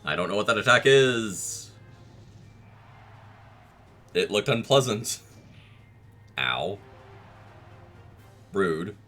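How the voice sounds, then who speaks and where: A man's voice: on the low side, animated, a bit bright, soft background music. A man giving casual let's play commentary on a monster-raising game, reacting with short quips and dry asides. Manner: casual, self-deprecating, reacts with quick quips. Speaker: gaming video creator.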